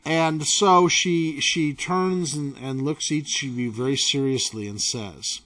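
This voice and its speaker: A man narrating a tabletop role-playing game as game master, in a steady, matter-of-fact way. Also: on the high side, takes it slowly, few pauses, recorded from a distance. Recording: voice from away from the mic.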